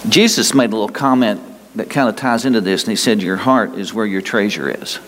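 A man's voice: lowish voice, brisk, a bit bright, slight background noise. A man preaching a sermon as pastor, emphatic and folksy, repeating himself and talking straight to his listeners. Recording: long hall reverb.

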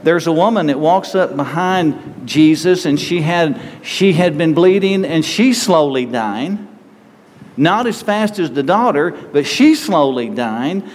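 Male pastor, fairly high voice, earnest conversational sermon, long hall reverb, faint room noise. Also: lively intonation, a little slow. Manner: earnest, conversational preaching with dramatic pleading asides.

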